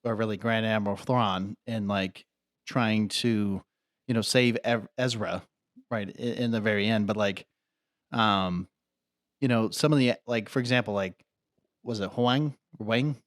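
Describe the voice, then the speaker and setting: A man's voice: on the low side, a little slow, no echo, clean studio sound. A man co-hosting a podcast, rambling casually and leaning on "I mean" and "like.". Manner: rambling, leans heavily on "I mean" and "like". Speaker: podcast co-host. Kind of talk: casual chat.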